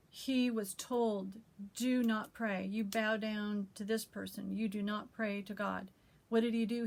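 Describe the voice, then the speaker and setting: A middle-aged woman hosting her own quilting vlog talks in a heartfelt, halting way, often restarting her sentences. Her voice sits a little high and stays fairly even in pitch. When she reads scripture aloud she keeps the same sincere tone. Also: creaky. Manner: emotional, halting, with many restarts. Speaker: quilting vlogger. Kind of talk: heartfelt personal reflection.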